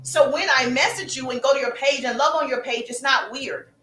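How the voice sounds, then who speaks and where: A woman business coach talking on a live stream, energetic and calling out her viewers by name. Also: high voice, a little fast, roomy sound, a little hiss or hum, poor audio.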